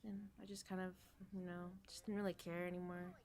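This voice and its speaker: Low-voiced woman rambling and trailing off. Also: flat delivery, brisk, darkish tone. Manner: rambling, full of fillers, trailing into near-whispers. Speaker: podcast guest. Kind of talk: casual chat.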